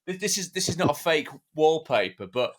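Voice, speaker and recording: A man's voice: a little high, sing-song, a little fast. A man co-hosting a motorcycling podcast who talks in an enthusiastic way, full of long rambling asides. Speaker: podcast co-host. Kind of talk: casual podcast chat.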